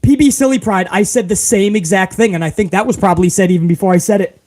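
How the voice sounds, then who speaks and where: High-voiced man ranting on a live stream. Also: quick pace. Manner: profane, animated, calls viewers bro. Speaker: live stream host reading chat. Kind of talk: casual live stream rant.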